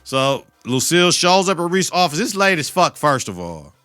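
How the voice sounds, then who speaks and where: A man hosting a reaction podcast, retelling a TV episode in a profane, animated way with laughs and mock outrage. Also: a little high, moderate pace, no echo, faint music behind. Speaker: podcast host.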